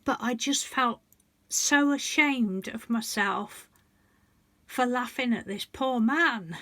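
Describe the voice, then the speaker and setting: Her voice is a little high, bright and forceful, and she speaks slowly, with no echo in the recording. The woman, a colouring book vlogger in her sixties, shares emotional stories with her viewers in a rambling casual chat, interrupting herself and starting over.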